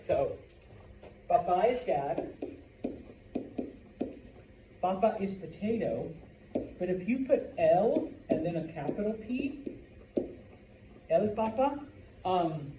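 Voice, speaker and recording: A man's voice: sits high, very animated, a little slow, long pauses, highs cut off, background noise. A man teaching a Spanish vocabulary lesson to a class, chatty, with joking asides and frequent "okay?" check-ins.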